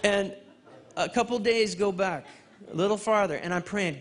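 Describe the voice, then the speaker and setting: A man preaching at a men's fellowship, telling a personal testimony in an animated storytelling way and acting out conversations. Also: high voice, normal speed. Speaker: guest speaker at a men's fellowship. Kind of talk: testimony sermon.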